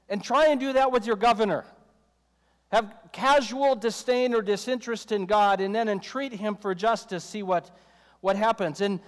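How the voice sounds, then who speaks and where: High-voiced male preacher in a reverberant hall. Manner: conversational, joking asides, acts out quoted voices. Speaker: pastor. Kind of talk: sermon.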